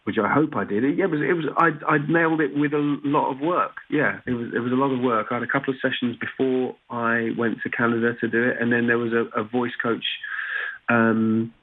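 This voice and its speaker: A man's voice: mid-range voice, steady tone, brisk. A man from Britain, an actor guest chatting in an interview, often restarting his sentences with "you know". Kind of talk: casual interview chat. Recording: tinny phone-like remote line.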